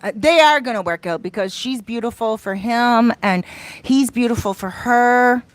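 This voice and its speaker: A woman's voice: a little high, normal speed, dry recording. A woman with an American accent, hosting a live stream in a playful, laughing manner, reading chat comments aloud.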